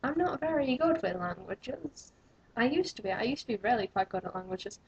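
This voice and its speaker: Talking a little fast with an expressive, husky, slightly high voice, a young adult vlogger rambles to camera in a self-mocking way. Dull lo-fi webcam audio.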